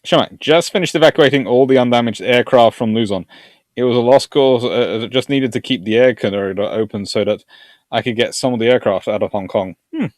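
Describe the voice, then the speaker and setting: A man's voice: mid-range voice, a little fast, dry recording, clean studio sound. A man from Surrey with a southern English accent, hosting a history live stream and chatting casually through viewer comments. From Surrey, England. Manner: rambling, chatty, chuckling.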